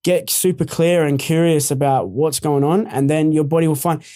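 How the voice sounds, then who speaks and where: A man's voice: a little high, moderate pace, warm tone. A male podcast co-host in casual chat, blunt and swearing freely, acting out quotes as he talks.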